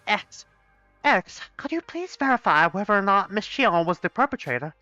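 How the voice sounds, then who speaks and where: A young man playing through a fan game live, voicing characters in an excitable, swearing, mock-outraged way, on a dull, dry recording. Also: high-pitched, normal speed, no echo, faint music behind. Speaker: let's play gamer voicing a fan game. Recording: dull, dry close-mic sound.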